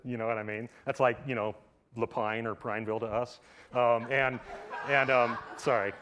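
A man preaching a sermon in a casual, conversational way, filling his talk with "like" and swinging from loud emphatic bursts to hushed lines. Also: mid-range voice, fairly even intonation, normal speed. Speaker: pastor. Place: church service.

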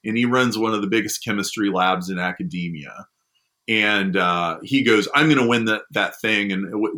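Bright-voiced animated man telling stories. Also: on the low side. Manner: animated storyteller, acts out quoted people. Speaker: guest discussing a science prize. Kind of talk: casual podcast conversation.

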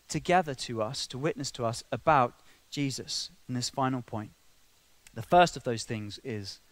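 A man with a mid-range voice preaches a sermon, conversational and full of asides, shifting between quiet, intimate moments and loud, emphatic stretches. The recording is dry.

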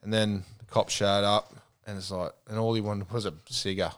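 A man's voice: lowish voice, flat delivery, moderate pace, clean tone. Swearing man telling a story. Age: middle-aged. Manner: crude, laughing anecdote with swearing. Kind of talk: casual banter among mates.

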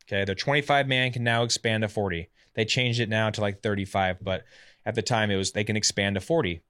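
A former professional pitcher in his thirties appears as a guest, telling his story casually and fast. He's animated, often acting out what other people said.

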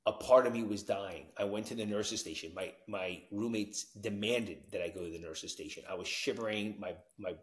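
A man telling his recovery story as a podcast guest, animated, dropping to hushed tones and jumping to loud whoops. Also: fairly low pitch, normal speed, few pauses, echoey room. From New Jersey.

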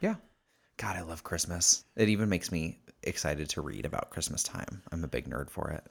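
A man co-hosting a podcast in a relaxed, joking way, with lots of teasing. His pitch sits a little low, and his voice rises and falls a lot. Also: creaky, husky. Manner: playful, teasing, quick to joke. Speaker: podcast co-host. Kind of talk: casual chat.

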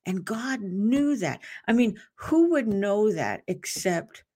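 A woman's voice: medium pitch, animated, takes it slowly, mellow. A woman hosting a devotional podcast, talking earnestly and off the cuff, with restarts and asides. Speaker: podcast host.

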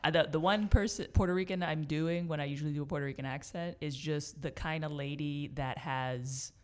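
A woman's voice: sits low, fairly even intonation, fairly quick. A woman co-hosting a podcast in casual chat, blunt, profane and teasing. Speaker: podcast co-host.

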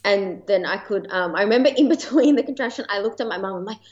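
An Australian woman speaks at an ordinary middle pitch, recounting her story in a relaxed, talkative way with plenty of "like" and "um" and laughter slipping in. The audio sounds slightly dull and lo-fi. She is a guest on a conversational podcast. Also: fast. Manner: chatty, many fillers, laughs while telling. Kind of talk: casual personal storytelling.

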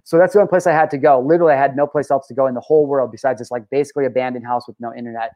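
A man's voice: medium pitch, fairly even intonation, very fast, dark tone, rough recording. A man in his thirties talking to camera in a casual, rambling personal vlog, emotional and full of restarts. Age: 30s. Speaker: vlogger.

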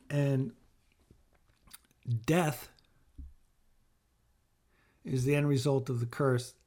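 Man, middle-aged, podcast host, earnest and heartfelt, repeats phrases for emphasis, slow deliberate delivery. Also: medium pitch, dark tone. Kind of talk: personal reflective talk with faith teaching.

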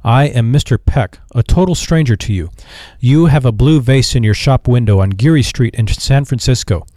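A man's voice: medium pitch, normal speed, mellow, no echo, natural voice. Frazzled young ex-soldier at his wits' end, voiced by a male narrator, dry close read. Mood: urgent. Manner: exasperated, pleading. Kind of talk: audiobook character voice.

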